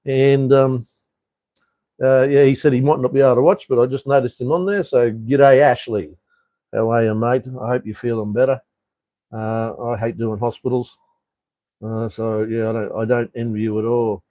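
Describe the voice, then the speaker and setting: A man's voice: mid-range voice, steady tone, normal speed, dark tone, dry recording, low-quality recording. An Australian man hosting a casual live stream chat from a room above a street, rambling with frequent ums and uhs. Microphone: camera he turns toward the street.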